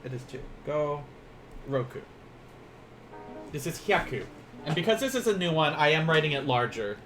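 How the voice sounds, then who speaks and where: A man's voice: a little high, animated, moderate pace, a bit bright, faint music behind. A man teaching a casual online language lesson, counting strokes aloud as he writes and joking at his own expense. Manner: chatty, self-deprecating, laughs often.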